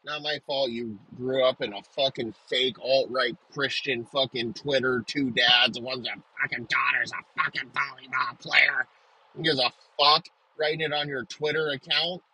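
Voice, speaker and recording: A man's voice: mid-range voice, fairly even intonation, moderate pace, bright, forceful tone, husky, rough recording. A man delivering an aggressive comedic rant, swearing nonstop and hurling insults.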